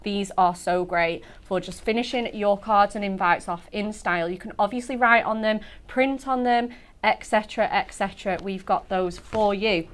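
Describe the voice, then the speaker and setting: Bubbly and effusive, a woman on a craft TV show praises products with frequent gasps and "so cute" exclamations. Her voice is medium-pitched and her pace moderate.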